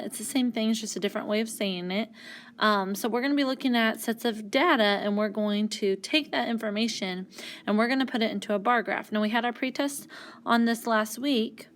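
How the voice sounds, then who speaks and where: A woman's voice: medium pitch, a bit bright. A woman teacher giving a recorded classroom lesson, explaining patiently and step by step with the odd "um". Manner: uses fillers like um.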